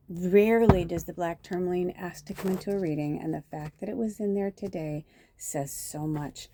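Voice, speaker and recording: A woman's voice: lowish voice, mellow, slight background noise. A woman reading oracle cards and telling myth in a chatty, casual spiritual style, talking from home near a busy road. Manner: chatty, swears, many fillers. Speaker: psychic reader.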